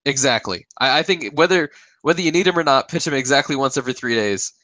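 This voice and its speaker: A man in casual sports chat on a podcast, with a bright, forceful voice recorded close and dry. He jokes around and chuckles often as he talks. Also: medium pitch, expressive, fast talker, dry recording. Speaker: podcast co-host.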